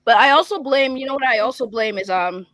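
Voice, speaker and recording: Brief: outspoken woman with a Boston accent, heated opinions, highish voice, dry close mic. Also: fairly bright tone, no echo. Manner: fiery, opinionated, fast-talking. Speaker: guest on a livestream talk show. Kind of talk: casual chat.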